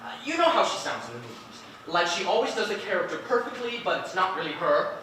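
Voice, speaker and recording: A man plays a high, bright-voiced rich partygoer, sarcastic and quick to panic, in a live stage play. His voice swings widely in pitch. It is caught from far off in an echoey theater with faint noise. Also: sing-song, exaggerated voice. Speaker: stage actor.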